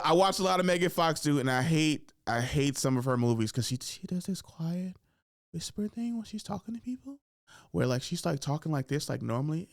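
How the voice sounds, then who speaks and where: Animated gravelly young man, casual chat. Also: on the high side, no echo, studio quality. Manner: animated, swears freely, acts out voices. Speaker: podcast host.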